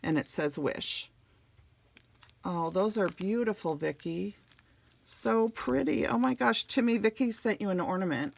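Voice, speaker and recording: A woman's voice: medium pitch, measured pace, gravelly. A middle-aged woman hosting a crafting channel, chatting casually through an unboxing and gushing over each item with lots of fillers. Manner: gushing, warm thank-yous, many fillers.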